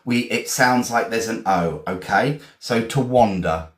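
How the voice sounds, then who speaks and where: Encouraging English teacher, echoey room. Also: male voice, fairly low pitch, fairly bright tone. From England. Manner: encouraging, chatty, repeats and spells words slowly. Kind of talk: live-streamed vocabulary lesson.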